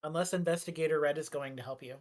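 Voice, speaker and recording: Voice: mid-range voice, fairly even intonation, fast, darkish tone. Rambling game master narrating. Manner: rambling, many fillers and restarts.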